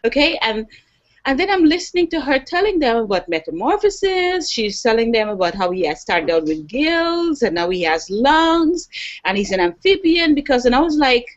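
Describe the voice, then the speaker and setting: A woman guest on a panel, telling a story in a casual, animated way. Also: sits high, moderate pace. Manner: animated, acts out quoted voices. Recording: dull online video call audio.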